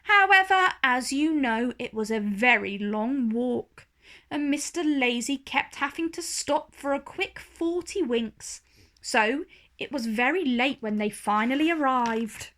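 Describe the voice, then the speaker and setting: A woman reads a children's storybook aloud at a slow, unhurried pace. Her voice sits fairly high and she reads expressively, storyteller style. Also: lively intonation, a bit bright.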